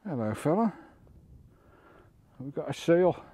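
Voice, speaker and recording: A man's voice: fairly high pitch, sing-song, takes it slowly, warm tone, husky, dry recording. A British man on a coastal walk, talking to the camera in a chatty vlog, often exclaiming at the views and a bit out of breath. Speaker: vlogger. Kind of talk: walking travel vlog commentary. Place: outdoors on a coast.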